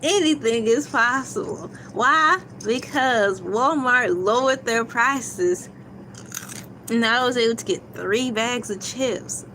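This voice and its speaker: Giggly woman chatting on her livestream, high voice, takes it slow. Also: sharp tone, a little hiss or hum. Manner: giggly and playful, laughing often between lines; chatty, reads viewer comments aloud. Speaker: livestream host. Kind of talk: casual livestream chat.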